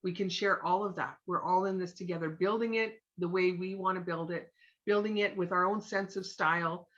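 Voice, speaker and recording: A bright, forceful woman coaches a room in a chatty, encouraging way, slipping into quick acted-out moments. Her voice comes through muffled and dull, like a lo-fi recording. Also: on the low side, fairly even intonation. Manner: chatty, encouraging, acts out little scenes. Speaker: sales team trainer. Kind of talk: live motivational coaching talk.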